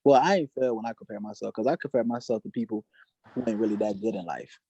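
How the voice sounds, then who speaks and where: A man's voice: on the low side, fast, vocal fry, warm tone, highs cut off, slight background noise. A man doing a stand-up set at an open mic, telling stories in loose, casual street slang. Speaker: stand-up comedian. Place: open mic comedy venue.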